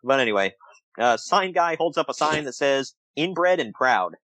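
A man co-hosting a casual podcast, laughing often as he retells events and acts out what others said. His pitch swings widely, going up and down as he talks. The recording is close and dry, with no room sound. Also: moderate pace, dry recording, rough recording. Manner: laughs often, animated retelling with quoted asides. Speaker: podcast co-host recapping wrestling. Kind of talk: casual chat.

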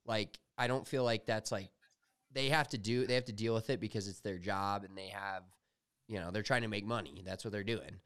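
A young man co-hosting a podcast, telling animated, profane stories in casual chat. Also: on the low side, fairly quick, clear, resonant tone, no echo. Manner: animated storytelling, swears freely. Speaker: podcast co-host.

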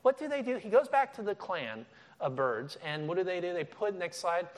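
A man's voice: sits high, normal speed. A middle-aged man giving a sermon as a guest speaker, telling stories with energy and often restarting his sentences. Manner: animated storytelling with frequent restarts.

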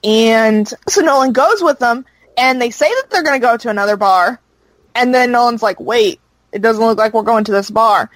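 A woman's voice: a little high, normal speed, no echo, poor audio. A woman co-hosting a podcast, recapping a show in casual chat with lots of fillers. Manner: rambling recap with fillers, laughs easily.

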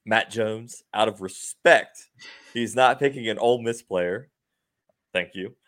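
A man's voice: lowish voice, measured pace, a bit bright. A man hosting a sports podcast, recapping games in an upbeat, laughing way with many fillers. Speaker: podcast host. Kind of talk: casual sports chat.

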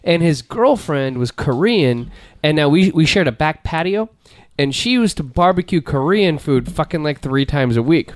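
Male podcast co-host, high lively voice, profane animated storytelling, dry close mic. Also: normal speed, dry recording. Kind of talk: casual chat. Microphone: studio mic.

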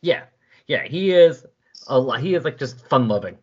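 A co-host reading comic narration aloud in casual chat, telling it with lively energy. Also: medium pitch, moderate pace, slightly rough, dull audio. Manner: lively storytelling, acts out shouted lines.

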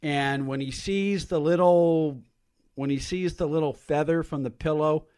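A man's voice: on the high side, steady tone, unhurried, a little mellow, clean tone. A man hosting a casual panel chat, often repeating words as he restarts. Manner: stammering restarts. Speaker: host.

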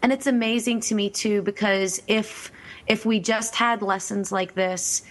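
A woman's voice: medium pitch, fairly even intonation, measured pace. A woman hosting an interview, chatting casually and jumping in with eager comments. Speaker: podcast host.

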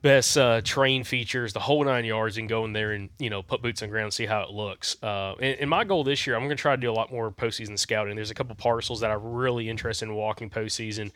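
Quick-talking man, easygoing. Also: fairly low pitch, fairly even intonation, fairly bright tone, no echo. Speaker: podcast co-host. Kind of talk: casual podcast chat.

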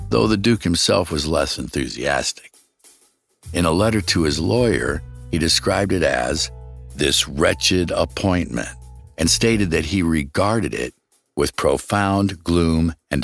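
Very deep gravelly male narrator. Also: a bit bright. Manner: measured storyteller, addresses listener directly. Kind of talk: scripted true-crime narration. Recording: studio narration over faint music.

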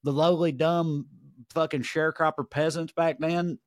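A man's voice: a little high, steady tone, normal speed, no echo, studio quality. A man with a Southern American accent, co-hosting a podcast and telling rambling, profane, jokey stories in casual chat. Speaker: podcast co-host.

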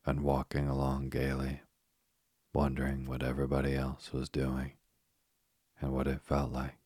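A man reading a children's storybook aloud as narrator, calm and unhurried. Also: extremely low pitch, breathy edge, no room sound, studio quality.

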